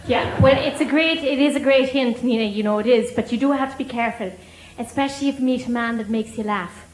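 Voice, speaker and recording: An Irish woman comedian telling a lively, gossipy story to a live theatre audience. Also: on the high side, fast talker, roomy sound, slight background noise, poor audio.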